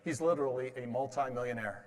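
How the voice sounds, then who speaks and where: A man's voice: medium pitch, fast. A man in his fifties giving a motivational stage talk, telling stories and quizzing his audience with questions and jokes. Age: 50s. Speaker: motivational speaker. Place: large hall with an audience. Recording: long reverb of a large hall.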